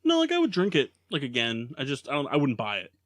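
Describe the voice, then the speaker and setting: A man's voice: mid-range voice, wildly swooping pitch, fast, a bit bright, no room sound. A man hosting a casual sports podcast, joking around and rambling with plenty of fillers. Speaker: podcast host. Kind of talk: casual chat.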